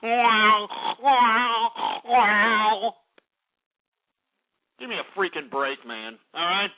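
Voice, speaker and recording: Foul-mouthed male call-in host, high pitch, lo-fi radio sound. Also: very slow, pauses often. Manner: angry, insulting, swears at callers. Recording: phone-like lo-fi radio.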